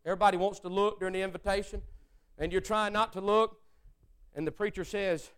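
A preacher delivering a sermon, swinging between loud exclamations and hushed prayer-like speech. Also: male voice, high-pitched, fairly even intonation, brisk, smooth.

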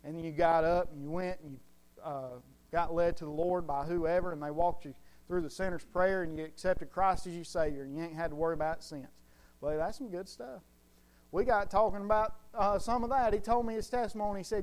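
A preacher with a fairly high voice for a man, talking in a folksy, drawling way. He tells stories with plenty of animation. He sounds like he is chatting with his flock more than orating. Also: fairly quick, a little mellow. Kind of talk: informal sermon.

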